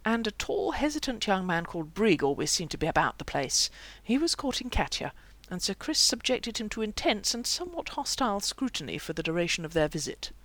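A narrator reading a fantasy novel aloud in a lively, expressive way. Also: medium pitch, brisk, few pauses, no echo. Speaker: audiobook narrator. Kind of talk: audiobook narration.

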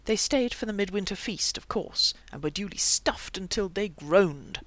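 A narrator reading a fantasy novel aloud in a lively, expressive way. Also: mid-range voice, moderate pace, very noisy. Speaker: audiobook narrator. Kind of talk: audiobook narration.

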